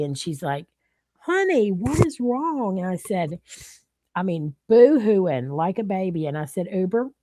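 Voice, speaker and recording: Woman, middle-aged, rambling, emotional, warm dark tone, dry sound. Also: fairly low pitch, dry recording. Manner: rambling, emotional, repeats herself. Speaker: vlogger. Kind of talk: emotional casual chat to viewers.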